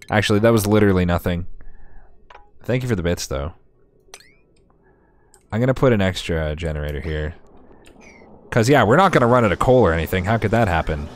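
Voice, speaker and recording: A man's voice: low voice, no echo. A man streamer giving casual gameplay commentary, chatty and sarcastic with himself, swearing often.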